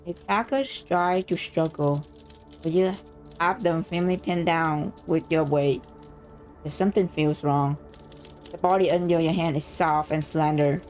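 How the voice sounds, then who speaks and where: A woman streamer reading a story game aloud, reacting excitedly and swearing freely between lines. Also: sits low, measured pace, faint music behind.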